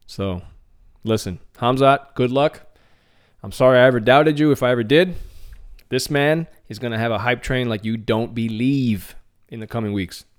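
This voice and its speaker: A man hosting a podcast, chatting casually and excitedly about MMA news, often repeating words and restarting his phrases. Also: medium pitch, moderate pace, clear, resonant tone. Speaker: podcast host.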